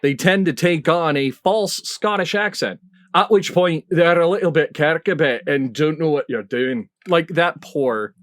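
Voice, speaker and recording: A man's voice: a little high, unhurried, no echo, studio quality. A man on a comedy podcast panel, bluffing with mock seriousness. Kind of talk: casual podcast chat.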